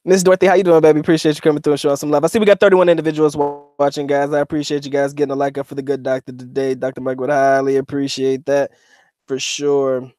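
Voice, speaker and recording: A man chatting on a livestream in loose slang, dropping curses and laughing easily. His voice sits a little high, and it sounds dry and close, with no room around it. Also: flat delivery, fast, darkish tone, no echo. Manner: slangy and profane, laughs often. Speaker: livestream co-host reading chat. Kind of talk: casual livestream chat.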